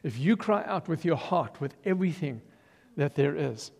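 A man's voice: fairly high pitch, normal speed, gravelly. Older man preaching in a reverberant hall. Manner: animated storyteller, acts out quotes, bursts of loud emphasis. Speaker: preacher giving his testimony. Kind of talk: testimony sermon. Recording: long reverb of a large hall.

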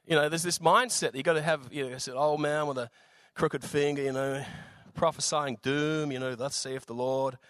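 A man with an Australian accent and a slightly raspy voice, preaching a sermon in a relaxed, jokey way with lots of fillers. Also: on the high side, brisk, hardly any pauses, no echo. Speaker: visiting preacher.

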